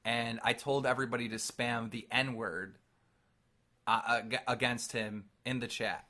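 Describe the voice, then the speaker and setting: Bright-voiced young man telling stories. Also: medium pitch, unhurried. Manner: animated storytelling, laughs often. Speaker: podcast co-host. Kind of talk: casual podcast chat.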